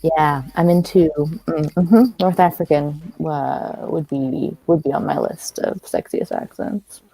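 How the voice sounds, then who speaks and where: A woman co-host from New York speaks slowly in a low voice. She teases and laughs easily. The sound is dry, with little room echo. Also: steady tone, gravelly, warm tone, slightly rough. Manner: laughing, teasing. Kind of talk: casual livestream chat.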